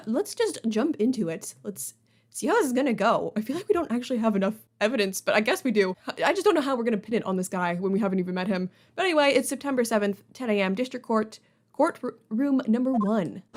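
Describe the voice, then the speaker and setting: A woman's voice: fairly high pitch, lively intonation, a little fast. A young woman chatting casually and rambling with lots of fillers as she plays through a game. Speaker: let's play host.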